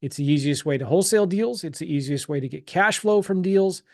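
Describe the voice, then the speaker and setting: Upbeat middle-aged man pitching a webinar. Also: expressive, fairly quick, no echo, studio quality. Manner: upbeat, chatty, repeats himself, sales-pitch energy. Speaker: webinar presenter. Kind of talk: live sales webinar talk.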